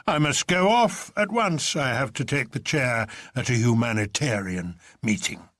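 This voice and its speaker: A man's voice: medium pitch, lively intonation, a little slow, fairly bright tone, no room sound, clean studio sound. A man voicing a huge, commanding older man who presides over an anarchist council, drawling with grand mockery.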